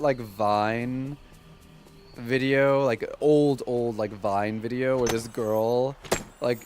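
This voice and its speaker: A man's voice: mid-range voice, fairly even intonation, slow pace, a little mellow, clean tone. A man streaming a game and chatting with viewers, rambling casually with lots of "like". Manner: chatty, rambling, heavy use of "like"; talks to chat while playing. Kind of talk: casual gameplay commentary.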